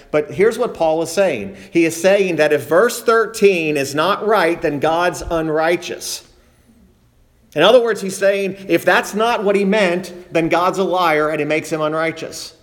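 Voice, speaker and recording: A man preaching a sermon, reading scripture aloud and stressing points by repetition and slowing down. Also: fairly high pitch. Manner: emphatic preaching, repeating phrases for stress, slowing down on key points; reads scripture aloud in King James wording.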